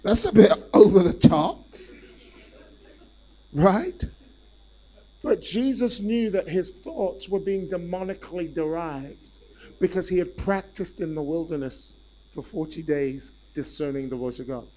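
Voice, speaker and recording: Man, preacher, sermon, animated, repetitive, congregation call-outs, slightly high voice. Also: unhurried, rough recording.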